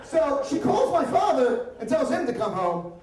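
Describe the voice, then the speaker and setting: A man from the Upper Darby area telling a comic, profane story at a live story slam, chatty and animated. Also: very high voice, moderate pace. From Upper Darby, Pennsylvania area. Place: stage at a live storytelling event. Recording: echoey room, voice from far off.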